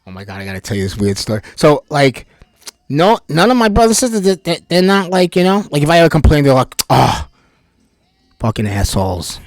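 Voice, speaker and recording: High-voiced man rambling animatedly. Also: quick pace, dry recording, studio quality, faint music behind. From Bayonne, New Jersey. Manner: animated, rambling, swears freely. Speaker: vlogger. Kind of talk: rambling personal monologue.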